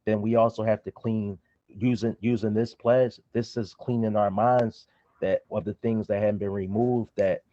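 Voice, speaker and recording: Low-voiced man, halting, dull dry sound. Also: fairly even intonation, warm tone, no room sound. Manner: halting, searching for words. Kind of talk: conversational feedback.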